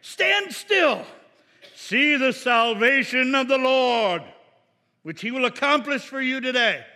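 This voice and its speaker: A man putting on an old-film Moses, proclaiming slowly and loudly. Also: extremely high pitch, expressive, in a large hall, heavily acted. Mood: commanding. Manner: loud, slow, commanding proclamation. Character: Moses as a booming old-film prophet, male.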